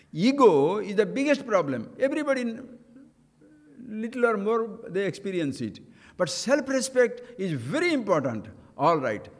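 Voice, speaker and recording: A man with an Indian English accent giving a spiritual discourse, acting out quoted voices and chanting scripture. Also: sits high. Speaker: spiritual teacher. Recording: long hall reverb.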